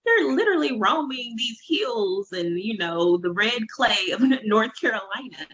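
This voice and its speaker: A woman's voice: fairly high pitch, animated, unhurried, fairly bright tone, breathy edge. A woman in her thirties hosting a casual podcast chat as a life coach, telling stories in an effusive way with many fillers. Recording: dull lo-fi remote audio.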